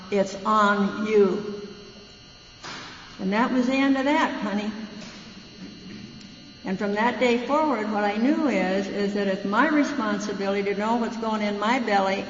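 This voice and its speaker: A woman with an American accent giving a frank, folksy personal recovery talk as a guest speaker at a meeting. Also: medium pitch. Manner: folksy storytelling, frank and plainspoken. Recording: dull, echoey hall recording with hum.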